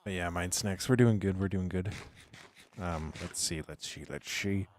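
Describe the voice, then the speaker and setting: A man with a very low, hoarse voice chats loosely through a live game stream. He rambles to himself and to his viewers, sometimes sliding down into a whisper. The talk is loose and unscripted, with a scratchy edge to the voice. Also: unhurried. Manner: rambling, talks to himself and chat; drifts into whispering. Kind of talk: casual live gameplay commentary.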